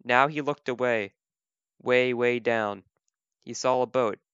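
A man reading a children's picture book aloud as a volunteer, gentle, slow and clear. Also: medium pitch, steady tone, no echo. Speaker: volunteer reader. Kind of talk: children's storybook read-aloud. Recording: dull, lo-fi dry recording.

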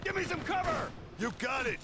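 A soldier squadmate in a war video game, shouting clipped callouts for cover. His voice sits very high and tense. He yells as if gunfire is all around him. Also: lively intonation, moderate pace, noisy background. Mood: urgent. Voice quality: barked combat callouts. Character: male soldier squadmates under fire.

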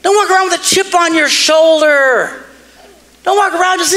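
A man preaching a sermon as pastor, joking and animated, dropping to hushed tones and rising to shouts. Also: very high-pitched, moderate pace.

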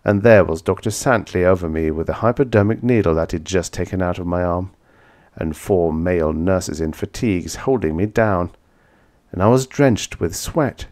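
A man's voice: low-pitched, moderate pace, a little mellow. A man narrating a vintage science fiction audiobook in the first person, with dramatic, intense storytelling.

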